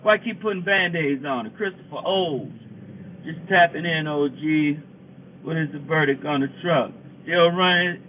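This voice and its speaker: A man who drives trucks, chatting casually on a livestream and reading out viewer comments, with an animated, venting delivery that repeats itself. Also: a little high, moderate pace. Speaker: truck driver live-streaming. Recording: tinny phone-like audio.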